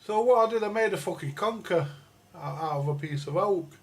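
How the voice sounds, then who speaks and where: A man's voice: high-pitched, fairly quick. A man hosting a live chat, telling a long, rambling, profanity-heavy story from his school days with many restarts and asides. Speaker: livestream host.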